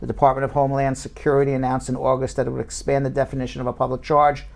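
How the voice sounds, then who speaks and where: Animated lawyer hosting a show. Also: male voice, medium pitch, racing, vocal fry. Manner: animated, swings between loud jokes and sober explaining. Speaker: immigration lawyer and show host. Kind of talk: casual live show chat.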